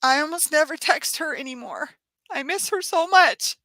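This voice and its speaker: A woman hosting a live stream for her yarn craft channel, tearful and crying, talking in a halting, sighing, apologetic way. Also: high-pitched, expressive, sharp tone, dry recording.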